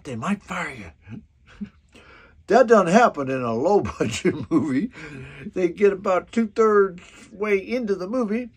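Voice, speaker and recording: Husky old guy in his 70s spinning a yarn, lively up and down voice, keeps chuckling. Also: a little high. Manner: chuckles often, drawn-out storytelling. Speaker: actor recording a personal video message. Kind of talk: folksy anecdote-telling.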